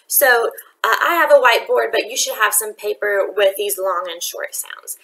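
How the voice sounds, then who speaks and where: Woman, music teacher, slow patient delivery, bright clear tone, sing-song rhythm demos. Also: a little high. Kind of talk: remote music lesson for children.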